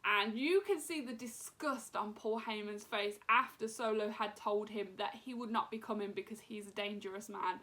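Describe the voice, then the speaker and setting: A young woman giving an excited, casual recap as a show reviewer, with lots of fillers and acted-out quotes. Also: medium pitch. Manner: animated, many fillers, acts out wrestlers' lines.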